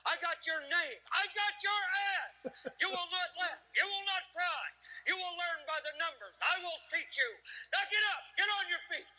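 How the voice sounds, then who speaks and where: A man's voice: very high voice, moderate pace, bright, forceful tone, full character voice. An actor playing a brutal, foul-mouthed male drill instructor who barks insults at recruits. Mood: barking abuse. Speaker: drill instructor in a film clip. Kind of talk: film dialogue.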